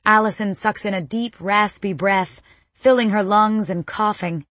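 A woman's voice: medium pitch, fairly even intonation, unhurried, a bit bright, no echo. A woman narrating a first-person audiobook with tense, dramatic storytelling.

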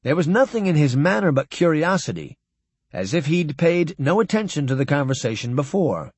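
Expressive male audiobook narrator. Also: a little high, normal speed, breathy edge, dry recording.

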